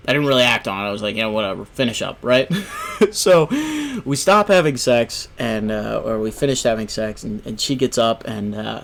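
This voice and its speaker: A man's voice: mid-range voice, normal speed, gravelly, fairly bright tone. A young man hosting a gaming video, telling a story in a casual, rambling way, full of "you know" and "right?". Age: young adult.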